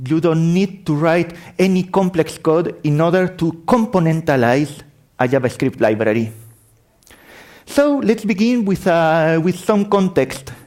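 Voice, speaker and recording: A man's voice: on the high side, normal speed, a little mellow. A middle-aged man from Spain with a Spanish accent tinged with French, giving a tech conference talk, often correcting himself as he explains. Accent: Spanish, with French influence. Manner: apologetic, self-correcting, explanatory. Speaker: conference speaker. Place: conference hall.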